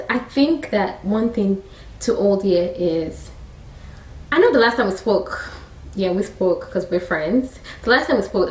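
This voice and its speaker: Chatty Nigerian woman retelling a Bible story. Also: medium pitch. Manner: chatty, animated, laughing asides. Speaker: faith storyteller, vlogger. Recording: roomy sound from a distant mic.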